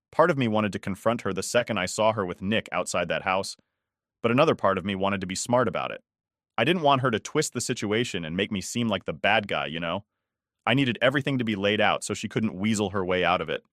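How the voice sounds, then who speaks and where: A man narrating a first-person story in a measured, restrained and cold manner. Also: fairly low pitch, fairly bright tone, no room sound, studio quality.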